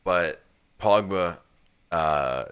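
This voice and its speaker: A man's voice: low-pitched, extremely slow, fairly bright tone, clean tone. A young man co-hosting a casual football chat, rambling with lots of restarts. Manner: rambling, many restarts and fillers. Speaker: podcast co-host.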